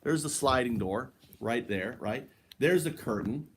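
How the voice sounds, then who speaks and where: A man talks on camera from inside his home in a loose, wandering monologue. He chuckles between thoughts and keeps checking in with the viewer with "right?" His voice sits at an ordinary middle pitch. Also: expressive, unhurried, slight background noise. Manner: laughs often, tags lines with "right?". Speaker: vlogger. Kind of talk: rambling casual monologue. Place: his own house, indoors. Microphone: handheld camera.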